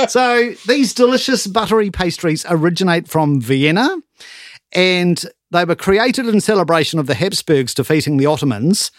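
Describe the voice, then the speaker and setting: A man's voice: high voice, expressive, normal speed, dry recording, studio quality. A New man chatting casually as a co-host, laughing often. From New Zealand. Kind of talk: casual chat.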